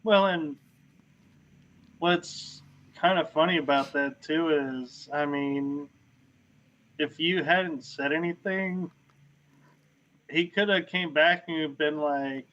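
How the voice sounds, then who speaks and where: Male podcast guest, slightly high voice, lively storyteller, muffled call sound. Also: takes it slowly, long pauses. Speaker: podcast guest, paranormal investigator. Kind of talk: casual storytelling chat. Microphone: video call. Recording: dull lo-fi call audio.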